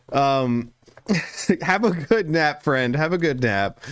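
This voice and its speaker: A man streaming a game live, chatting casually, laughing often and greeting viewers. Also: fairly high pitch.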